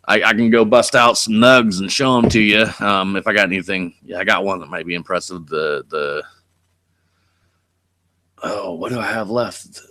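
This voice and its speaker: A man's voice: lowish voice, normal speed, bright, forceful tone. A man from California hosting a casual live stream, telling rambling stories and swearing a lot. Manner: rambling, laid-back storytelling with frequent swearing. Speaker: channel host. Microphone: desk mic.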